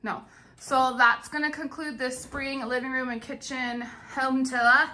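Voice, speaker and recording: A woman's voice: high-pitched, little pitch movement, a little slow, sharp tone, a little hiss or hum. A woman home decor vlogger wrapping up a casual home tour, chatty, playful and self-mocking. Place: her home.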